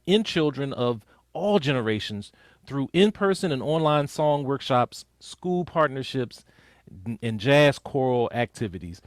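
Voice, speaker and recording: A man's voice: a little high, no echo, clean studio sound. A man hosting an online community sing-along over a video call, upbeat as he reads guest introductions. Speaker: host.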